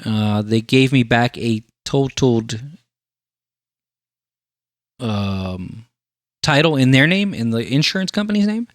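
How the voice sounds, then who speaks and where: A man's voice: mid-range voice, slow pace, long pauses, no room sound, clean studio sound. A man hosting a podcast, telling a long story in casual chat and acting out the people in it. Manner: animated storyteller, acts out quoted voices. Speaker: podcast host.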